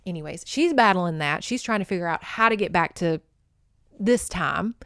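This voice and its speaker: A woman hosting a podcast, recapping a romance novel in an excitable, profane and chatty way, and reading passages aloud. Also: lowish voice, normal speed, dry recording, studio quality. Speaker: podcast host. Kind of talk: casual book recap with read-aloud passages.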